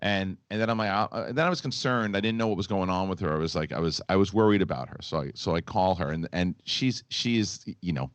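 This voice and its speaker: A man's voice: low-pitched, fast talker, hardly any pauses, no room sound. A man hosting a casual panel chat, telling a rambling story full of restarts. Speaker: host.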